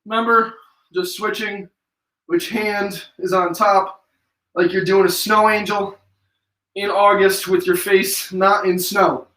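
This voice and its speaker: A young fitness instructor with an upstate New York accent leads a live follow-along workout, counting reps aloud and chatting casually between sets. His high voice barely moves in pitch, is fairly bright, and comes slowly from a distance in an echoey room.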